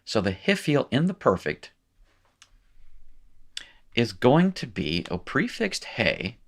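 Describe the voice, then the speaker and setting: A man's voice: mid-range voice, huge pitch swings, takes it slowly, vocal fry. A man teaching a recorded lesson in a casual way, thinking aloud with fillers and small self-corrections. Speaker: language teacher. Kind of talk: recorded lecture at a whiteboard.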